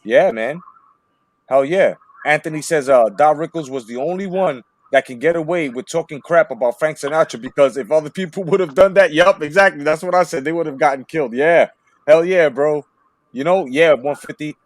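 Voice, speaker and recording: Guy hosting a live movie chat, kinda high voice, dry close sound, animated and swears a lot. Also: a little fast, no room sound. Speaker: livestream host. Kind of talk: casual livestream chat.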